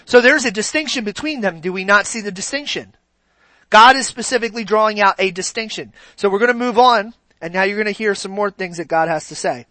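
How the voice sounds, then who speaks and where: A man's voice: high voice, fairly quick, bright, forceful tone, dry recording. A man preaching a sermon in a conversational way, often asking his congregation questions.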